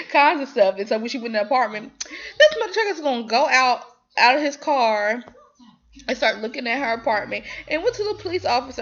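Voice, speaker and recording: Her voice sits on the high side and the audio is dull. Recapping a TV drama episode in a casual, animated ramble, she fills it with fillers and restarts and keeps slipping into quoted voices.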